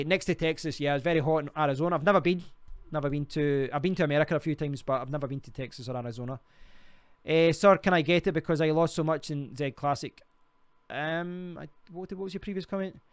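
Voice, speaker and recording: A man's voice: a little high, clean tone, no echo. A man with a Glaswegian Scottish accent, hosting a casual live stream and rambling through viewer comments. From Scotland. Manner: rambling, restarts often, chatty. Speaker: livestream host.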